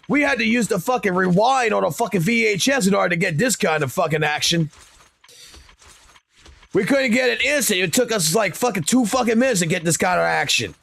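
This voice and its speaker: A man's voice: high-pitched, creaky, a bit bright, voice pushed up, full character voice. A man putting on a cranky, foul-mouthed old grandpa who rants and scolds. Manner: ranting, scolding, profane.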